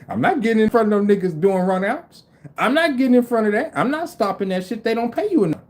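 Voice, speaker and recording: A man in his forties rants through a story on his livestream, profane and incredulous. His voice sits high and swings widely from line to line. He slips into quick impressions of the people he describes. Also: big pitch swings. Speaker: livestream host. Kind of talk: casual storytelling rant.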